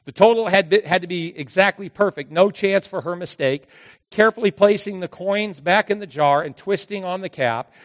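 A male pastor preaching a sermon, telling a story dramatically, with his voice swinging from hushed to loud. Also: a little high. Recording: long hall reverb.

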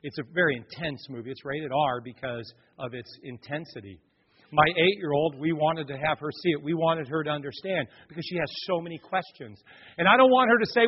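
A male pastor preaching a sermon with husky, dramatic storytelling that swings between loud bursts and hushed passages. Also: on the high side, fairly quick. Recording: echoey hall, dull lo-fi sound.

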